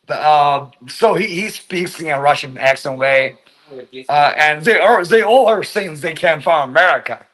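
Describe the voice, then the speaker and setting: In a loose vlog monologue, this vlogger from China talks in English, his second language, slowly and meanderingly, swearing often and filling gaps with fillers. The audio is poor, and his voice is fairly high and a bit bright.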